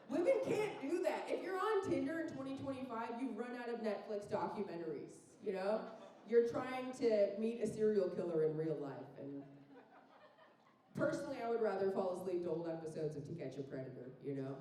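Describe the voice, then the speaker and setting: A woman's voice: medium pitch, warm tone, a little hiss or hum. A woman in her thirties from Phoenix doing a chatty, self-mocking stand-up set, riffing with the crowd on a club stage. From Phoenix, Arizona. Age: 30s. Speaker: stand-up comedian. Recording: roomy club sound from a distant mic.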